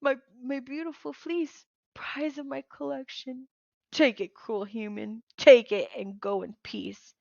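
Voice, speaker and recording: A woman's voice: sits high, steady tone, measured pace, creaky, darkish tone, dry recording, highs cut off, pitched above the performer's own voice. A woman voicing a male cyclops giant who whimpers pitifully and then bellows. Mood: sniffling.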